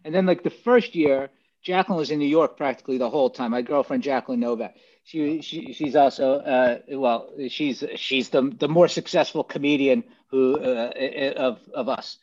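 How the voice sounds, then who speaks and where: Halting comedian guest on dull call audio. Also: male voice, mid-range voice, a little mellow. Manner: loose, halting, many restarts. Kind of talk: casual chat over video call.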